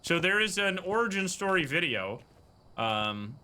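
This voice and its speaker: A man streaming a ghost-hunting game, chatting casually, mumbling then bursting into loud excited outbursts and swearing. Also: sits high, measured pace. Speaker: streamer playing a horror game. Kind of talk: casual livestream commentary.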